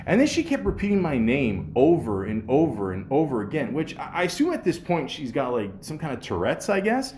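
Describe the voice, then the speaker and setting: A man hosts a podcast and tells a long workplace story in a loose, chatty way. His mid-pitched voice swings up and down a lot as he laughs, swears and trips over his words. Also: fairly quick, hardly any pauses, slight background noise. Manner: animated, laughing, swearing, many restarts. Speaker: podcast host. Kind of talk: casual storytelling.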